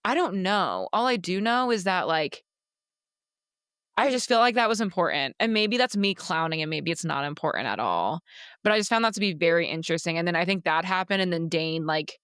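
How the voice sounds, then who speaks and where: A young woman co-hosting a book podcast in casual chat, animated and swearing freely. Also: on the low side, fairly quick, smooth, dry recording, studio quality. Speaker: podcast co-host.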